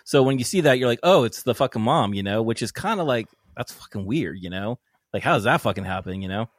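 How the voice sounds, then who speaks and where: A man's voice: on the low side, animated, fast talker, no room sound. A man co-hosting a casual film review chat, talking emphatically and swearing often. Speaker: podcast co-host.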